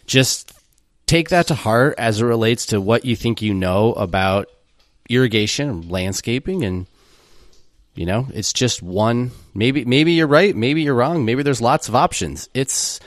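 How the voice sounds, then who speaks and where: A man's voice: lowish voice, no room sound, clean studio sound. A man hosting a podcast, talking through ideas in a loose, reflective way and correcting himself as he goes. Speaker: podcast host. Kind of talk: casual solo podcast commentary.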